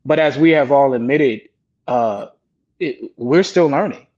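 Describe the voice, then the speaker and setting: Brief: male panelist, father, earnest and reflective, mid-pitched, dull lo-fi recording. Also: measured pace, darkish tone. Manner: earnest, reflective, quotes himself talking to his kids. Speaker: panelist, father of two girls. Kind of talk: candid panel discussion. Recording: dull lo-fi sound.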